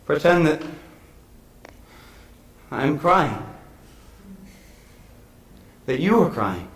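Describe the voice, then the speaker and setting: An actor performing a stage monologue as a lonely, brooding actor, slow, musing and wistful. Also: male voice, fairly high pitch, very animated, exaggerated voice. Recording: echoey stage recording.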